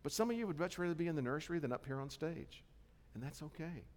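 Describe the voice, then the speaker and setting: A man's voice: fairly high pitch, expressive, fast. A male pastor preaching a sermon in a conversational, self-deprecating way, often checking in with the congregation. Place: church sanctuary. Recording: long church hall reverb.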